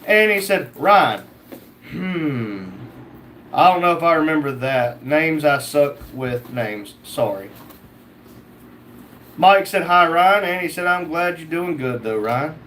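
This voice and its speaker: A man's voice: a little high, lively intonation, measured pace, a bit bright, slight background noise. A man hosting a casual livestream, reading out chat comments and joking back.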